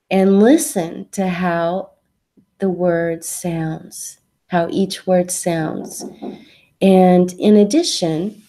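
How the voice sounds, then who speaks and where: Woman english teacher doing an online lesson, slow and patient, mellow voice. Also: medium pitch. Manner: patient, explains step by step with examples. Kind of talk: online English lesson, answering a student's question.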